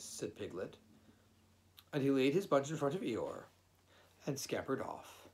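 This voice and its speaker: A man narrating a children's storybook at a slow, easy pace. His voice has a lively, lilting melody, and he reads in a gentle, unhurried way. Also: mid-range voice. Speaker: audiobook reader.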